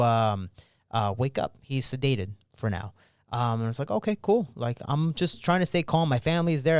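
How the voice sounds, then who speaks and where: A man's voice: medium pitch, clean tone, no echo, studio quality. A man, a podcast guest and pro fighter, telling a story in casual slangy talk and acting out the dialogue he remembers. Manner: animated, acts out remembered dialogue.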